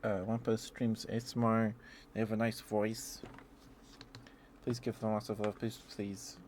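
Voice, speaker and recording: A man streaming ASMR from home, chatting softly and giggling as he greets viewers by name, close to the mic. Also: fairly low pitch, little pitch movement, measured pace, slight background noise. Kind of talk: soft-spoken ASMR live stream chat.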